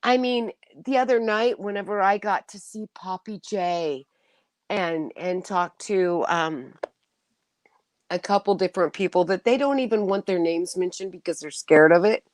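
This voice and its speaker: A woman's voice: mid-range voice, moderate pace, dry recording. A middle-aged woman hosting a casual livestream chat, emotional and laughing often as she talks to viewers. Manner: warm, emotional, laughs often, restarts sentences. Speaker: livestream host.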